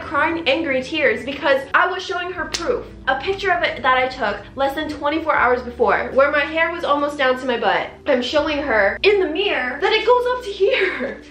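A young woman, telling a story to the camera in an upset, rapid rant while doing her makeup. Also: high-pitched, a bit bright, reverberant. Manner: upset, rapid recounting with quoted dialogue. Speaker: vlogger. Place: indoors at home, doing makeup.

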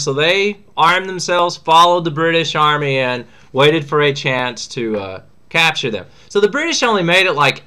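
A man's voice: on the high side, pushed and bright, clear, resonant tone. A man teaching a history lesson in a casual, slangy way, acting out what historical figures say. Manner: chatty, slangy, acts out quotes.

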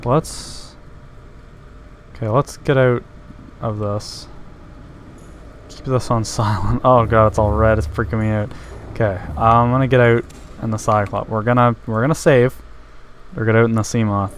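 A man's voice: lowish voice, steady tone, measured pace, pauses often, slight background noise. A man giving let's-play commentary while playing a game, nervous and easily startled, breaking into screams when scared. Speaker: gameplay commentator.

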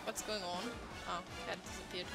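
A woman's voice: lowish voice, level tone, normal speed, vocal fry. A woman streaming a video game, chatting casually to her viewers. She swears freely, laughs often and trips over her words. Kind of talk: casual gameplay commentary. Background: loud game music.

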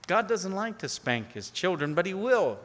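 A man's voice: sits high, very animated, normal speed. Earnest preaching man in a reverberant hall. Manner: earnest preaching that swells to pleading and drops to near-hushed tones. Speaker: pastor. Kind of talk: sermon. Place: church sanctuary.

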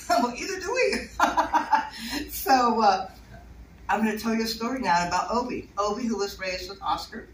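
A woman's voice: on the high side, lively intonation, unhurried. Chatty woman in an echoey room. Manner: chatty, laughs often, rambling asides. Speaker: bird keeper giving a talk. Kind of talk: casual talk to a small audience. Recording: echoey room, distant mic, faint noise.

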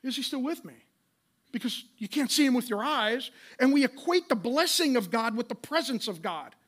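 A pastor in his late thirties preaches in a conversational yet impassioned style, asking rhetorical questions and restarting quickly. His voice is very high-pitched, expressive, and fairly bright.

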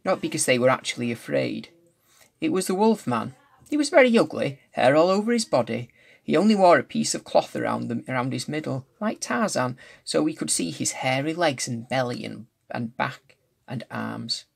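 A man reads a storybook aloud in a very gravelly, husky voice. He stumbles over words now and then and goes back to correct himself. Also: fairly high pitch. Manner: restarts and corrects slips while reading. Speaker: reader. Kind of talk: reading a novel aloud.

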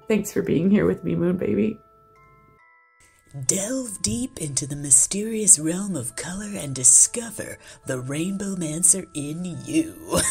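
Soft, gushing woman vlogger, low and gravelly, music behind her. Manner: gushing, soft-spoken, often laughing. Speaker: art vlogger. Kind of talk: casual vlog chat and voice-over narration.

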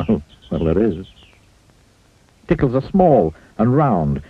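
A man's voice: fairly low pitch, big pitch swings, slow pace, long pauses, slightly rough, no room sound. A man reading a children's storybook aloud, playfully asking the listener questions. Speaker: storybook reader. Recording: tinny phone-like sound, faint music.

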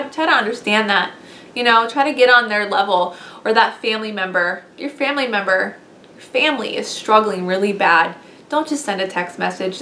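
A woman's voice: medium pitch, slight background noise. A woman vlogger giving earnest, heartfelt encouragement directly to her viewers. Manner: earnest and encouraging, speaks gently. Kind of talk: heartfelt direct-to-camera talk. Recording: echoey room.

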